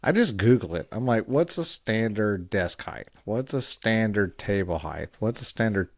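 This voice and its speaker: A man's voice: lowish voice, expressive, normal speed, no echo, studio quality. A man co-hosting a podcast in casual chat, rambling and self-deprecating with many restarts, speaking at a mic stand. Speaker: podcast co-host. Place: home studio at a mic stand.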